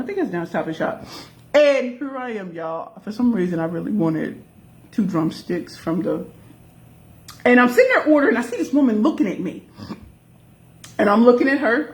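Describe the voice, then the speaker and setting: A woman hosting a casual live stream as a pitch coach, greeting viewers by name and calling out to the audience as y'all. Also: expressive, moderate pace. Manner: folksy, addresses the audience as y'all.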